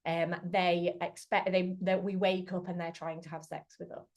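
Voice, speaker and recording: A woman's voice: fairly low pitch, level tone, normal speed. Earnest woman speaking on a webinar. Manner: earnest, acts out quoted dialogue with restarts. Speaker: charity chief executive speaking at a webinar. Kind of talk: talk on domestic abuse. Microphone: computer mic on a video call.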